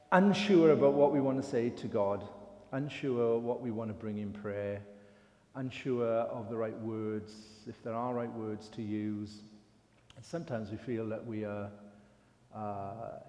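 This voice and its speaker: In a reverberant hall, an older lay preacher with an English accent tells a story as part of an informal sermon. His voice is warm and medium in pitch, his pace unhurried, and his manner chatty and self-deprecating.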